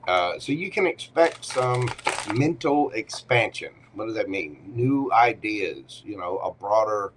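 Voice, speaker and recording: A man's voice: on the low side, lively intonation, measured pace, background noise. A man hosting a casual live tarot reading, chatting to viewers and talking to himself as he shuffles cards at home. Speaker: tarot reader.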